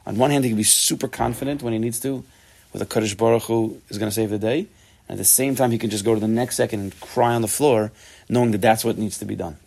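A man giving a Torah class, animated and emphatic, often restarting his sentences. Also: lowish voice, fast, gravelly. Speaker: Torah teacher.

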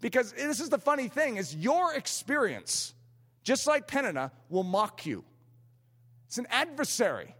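A man's voice: extremely high pitch, sing-song, normal speed, fairly bright tone, slightly rough. A man preaching a sermon in a fervent, emphatic way. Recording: long hall reverb.

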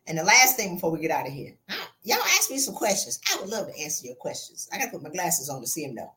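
Sassy, animated woman giving blunt advice. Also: quick pace. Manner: animated, sassy and blunt, with wide swings in pitch and loudness; colloquial and direct, calls listeners "sis". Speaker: podcast host and life coach. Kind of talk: motivational monologue.

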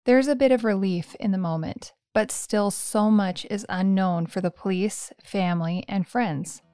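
A woman narrating a true crime podcast in a calm, measured scripted read. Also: medium pitch, clear, resonant tone, no room sound, clean studio sound.

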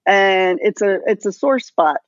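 A woman's voice: mid-range voice, unhurried, dry recording. Chatty woman telling a story, dry lo-fi. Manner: animated storytelling, lively asides. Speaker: podcast guest. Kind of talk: casual podcast chat. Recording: dull dry lo-fi sound.

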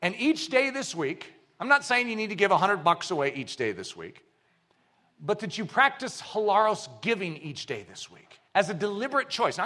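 A man preaching a sermon as pastor, swinging between loud bursts and hushed low lines.

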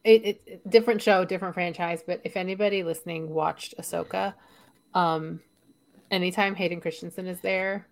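A woman with a light Canadian accent co-hosting a podcast in casual chat, chatty and quick to laugh, often restarting her sentences. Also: lowish voice, steady tone, creaky. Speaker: podcast co-host.

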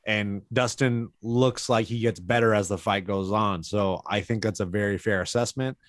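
A man's voice: fairly low pitch, steady tone, normal speed, no room sound. A man co-hosting a casual podcast, laid-back and chatty, saying bro and um a lot. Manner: laid-back, says bro, filler words. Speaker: podcast co-host.

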